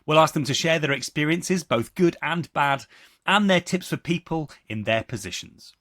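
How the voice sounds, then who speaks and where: A man's voice: a little high, animated, normal speed, fairly bright tone, dry recording, studio quality. A man co-hosting a podcast, reading the intro in a light, good-humoured way. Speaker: podcast co-host.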